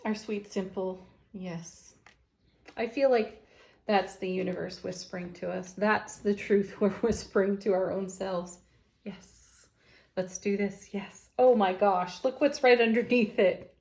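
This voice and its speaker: Soft-spoken woman giving a tarot reading. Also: mid-range voice, steady tone, a little slow, creaky, poor audio. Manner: gentle, soft-spoken, with frequent light laughs. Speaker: tarot reader. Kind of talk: casual spiritual tarot reading. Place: home, with landscaping crew outside.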